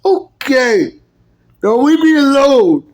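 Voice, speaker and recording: A woman doing improvised toy role-play, speaking with slow, deliberate delivery. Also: sits high, sing-song, darkish tone.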